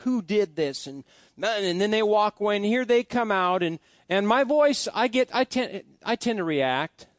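Folksy high-voiced male pastor. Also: a bit bright, dry recording, studio quality. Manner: folksy storytelling with many restarts. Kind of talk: sermon.

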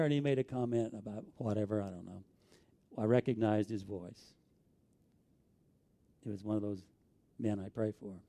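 A man's voice: medium pitch, mellow. A middle-aged man with an Arkansas accent, preaching a sermon as a pastor, telling stories in an earnest, folksy way.

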